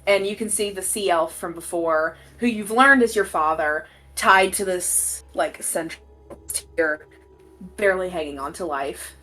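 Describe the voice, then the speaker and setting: A woman's voice: lowish voice, measured pace, fairly bright tone. A woman narrating as game master in a tabletop game, casual and full of fillers.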